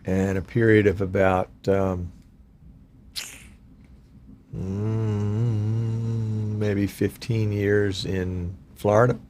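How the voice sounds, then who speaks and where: An older man from Virginia hosts a relaxed live stream, greeting viewers and chatting in a homespun, self-deprecating way. His voice sits on the low side. A faint hum of noise runs beneath it. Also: drawn-out words, pauses often.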